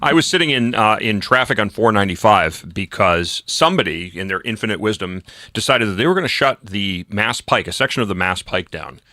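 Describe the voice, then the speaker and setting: A male talk radio host rants with sarcasm and keeps restarting his sentences. His voice sits fairly low but swings widely in pitch, with a bright, forceful edge. The sound is dry and close. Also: lively intonation, fairly quick, dry recording. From New England. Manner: ranting, sarcastic, with many restarts. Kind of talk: casual political talk radio chat.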